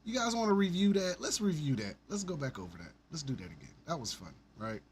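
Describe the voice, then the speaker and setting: A man's voice: fairly high pitch, big pitch swings, fast, a little hiss or hum. A man hosting his own podcast, ranting in a profane, sarcastic and rambling way. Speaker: podcast host. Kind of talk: ranting solo commentary.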